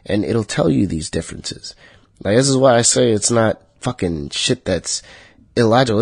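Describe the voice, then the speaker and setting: Low-voiced man ranting profanely. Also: no room sound. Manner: profane, heated ranting that spikes high and loud. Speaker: podcast host. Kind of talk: solo podcast monologue.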